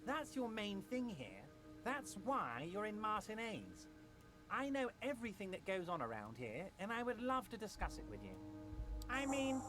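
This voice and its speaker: A man's voice: sits high, voice pushed up. A man voicing a scheming middle-aged union boss who sounds falsely friendly and slips in veiled threats, reading game dialogue on a stream.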